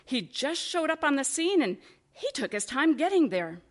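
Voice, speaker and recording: A woman pastor giving a sermon, with slow, expressive preaching and rhetorical questions. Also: high voice.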